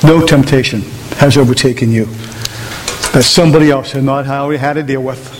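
A man's voice: medium pitch, fairly even intonation, brisk. A man preaching a sermon to a congregation, emphatic and repeating rhetorical questions. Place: large room with an audience. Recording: long hall reverb, faint hiss.

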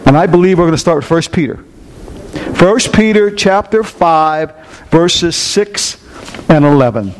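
A man's voice: fairly high pitch, measured pace, a little hiss or hum. An older man preaching a sermon, asking his congregation call-and-response questions and joking with them. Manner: joking, animated delivery. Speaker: pastor.

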